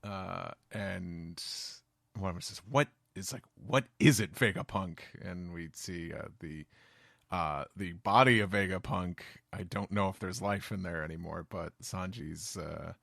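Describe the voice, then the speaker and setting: Gravelly low-voiced man recapping, halting. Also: steady tone, fairly bright tone, no room sound, studio quality. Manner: halting, full of "uh" fillers, acts out quoted lines. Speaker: podcast co-host recapping a manga chapter. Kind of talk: casual chat.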